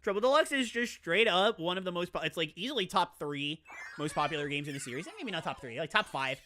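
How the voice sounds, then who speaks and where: Animated, rambling woman streamer. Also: fairly low pitch, fast talker. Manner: rambling, chatty and self-mocking, reacting to chat. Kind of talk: casual live-stream chatter while playing a video game. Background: game music.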